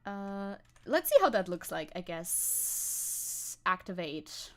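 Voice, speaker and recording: A woman's voice: on the low side, animated, slow pace. A woman streamer chatting casually with her viewers, rambling and laughing often as she types. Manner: rambling, giggly, talks to chat while typing. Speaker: VTuber streamer. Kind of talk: casual live-stream chat.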